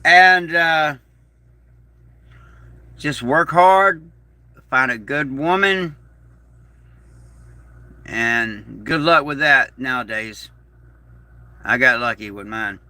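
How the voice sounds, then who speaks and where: A man hosting a casual livestream in a slow, rambling, folksy way, reading out viewer messages. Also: mid-range voice, pushed and bright, no room sound. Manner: slow, rambling, folksy, reads chat aloud. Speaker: YouTube channel host.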